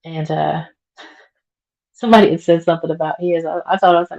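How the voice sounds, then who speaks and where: While cleaning at home, a livestream host chats casually with viewers, responds to comments and laughs often, her voice worn from being sick. It's low, creaky and darkish, with fairly even intonation and a slightly fast pace. The highs are cut off in the recording.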